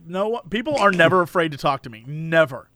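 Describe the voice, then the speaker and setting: Man, high and bouncy, bright and sharp tone; animated storyteller acting out the people in his story. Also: a little fast, dry recording. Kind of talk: casual chat, storytelling.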